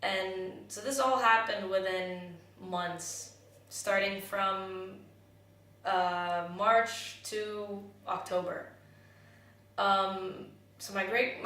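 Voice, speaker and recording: A young woman from the United States and Jamaica speaking candidly in a personal vlog, halting and restarting as she reflects. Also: medium pitch, pushed and bright. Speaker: vlogger. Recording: very echoey room, voice from far off the mic, faint noise.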